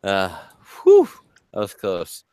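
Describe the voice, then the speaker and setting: A man's voice: deep voice, wildly swooping pitch, mellow, clear, resonant tone. A man hosting a casual talk show, joking and swearing as he bounces off his co-hosts. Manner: joking, swearing, quick to laugh. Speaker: podcast host.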